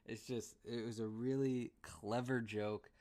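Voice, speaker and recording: A man's voice: mid-range voice, steady tone, measured pace, darkish tone. A man giving a casual movie review, rambling and laughing often as he restarts his sentences.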